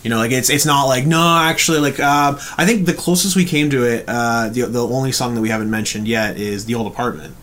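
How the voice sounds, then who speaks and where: A man's voice: medium pitch, fast talker, hardly any pauses, fairly bright tone. A laid-back Canadian man co-hosting a casual chat about music, often agreeing with short replies. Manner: laid-back, frequent agreeing "yep" and "mm-hmm". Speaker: podcast co-host.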